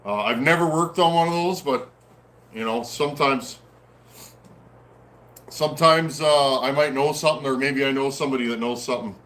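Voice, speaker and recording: A man hosting a casual livestream, reading out viewer comments and chatting in a friendly, easygoing way with frequent pauses. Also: mid-range voice, a bit bright. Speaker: host of a livestream on chainsaw repair. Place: at home in a snowy area.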